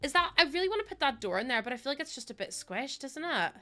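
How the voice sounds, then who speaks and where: Her voice is high and quick, swinging widely in pitch with a sharp edge. A young woman with a Northern Irish accent, she greets viewers while streaming a game, rambling casually and laughing frequently.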